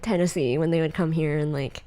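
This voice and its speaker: A woman's voice: low voice, fairly even intonation, fairly quick, mellow. A young woman from California with a Valley Girl accent, hosting a podcast in casual, chatty talk, often laughing and using fillers. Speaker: podcast host. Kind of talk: casual chat.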